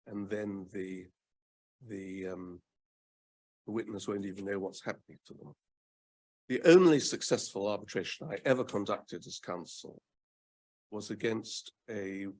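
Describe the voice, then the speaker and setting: Husky older man talking advocacy. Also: on the low side, a little mellow. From United Kingdom. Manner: measured, repeats words for emphasis, frequent ums. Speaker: guest speaker, former advocate. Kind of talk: fireside chat on advocacy.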